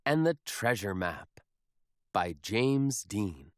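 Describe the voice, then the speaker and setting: A man reading a children's picture book aloud in a slow, expressive storybook manner. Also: lowish voice, no echo, studio quality.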